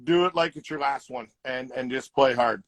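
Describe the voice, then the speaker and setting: A man's voice: medium pitch, normal speed, dry recording, rough recording. A middle-aged man, a retired hockey player, telling stories casually in an interview and acting out the quotes in them. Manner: animated, acts out quotes in his stories. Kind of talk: casual storytelling.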